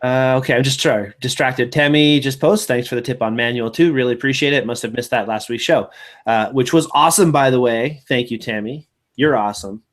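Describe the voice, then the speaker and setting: A man hosting a live online photo show in casual, upbeat, encouraging chat, quick to laugh. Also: mid-range voice.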